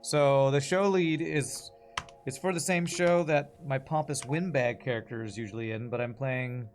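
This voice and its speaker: Male game streamer, fairly high voice, casual and rambling, jokes at his own expense. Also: normal speed, faint music behind. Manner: rambling, self-mocking, talks to the viewers. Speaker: streamer and gamer. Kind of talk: casual chat while playing a game.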